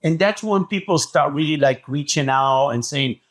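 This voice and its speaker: A man telling a story as a podcast guest, talking excitedly and acting out what people said. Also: on the high side, moderate pace. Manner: acts out quoted dialogue, excitable. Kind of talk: animated storytelling.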